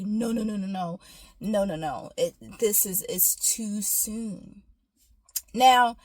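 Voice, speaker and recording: A woman talks casually and encouragingly about faith and patience, telling her own story in an easy, personal way. Her voice sits at an ordinary pitch, and the recording is dry and close with no room sound. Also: dry recording. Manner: warm encouraging, storytelling, calls listener "baby". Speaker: faith and self-care speaker. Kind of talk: casual inspirational talk.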